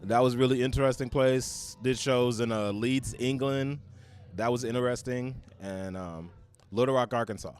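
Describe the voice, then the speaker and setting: A man's voice: medium pitch, moderate pace, darkish tone, smooth. Blunt, profane American man. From United States. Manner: blunt, profane, brash storytelling. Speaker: comedian guest. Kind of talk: casual chat.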